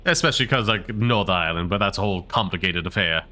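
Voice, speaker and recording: A man's voice: low voice, fast, bright, forceful tone. A man streaming a game with casual, rambling commentary full of fillers. He has a mixed British and American accent, and his voice is sore.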